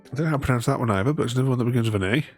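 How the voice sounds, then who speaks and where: A man's voice: medium pitch, very fast. A man streaming a game, chatting casually with viewers in a rambling, chuckly way. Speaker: gaming streamer. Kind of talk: casual live-stream commentary. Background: faint game music.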